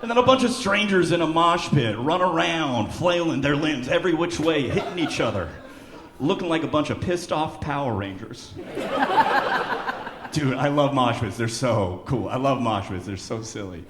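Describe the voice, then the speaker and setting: A man performing a stand-up comedy set on a club stage who breaks into loud, shouted character voices. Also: a little high, lively intonation, normal speed, very noisy. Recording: echoey club with loud crowd. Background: audience laughter.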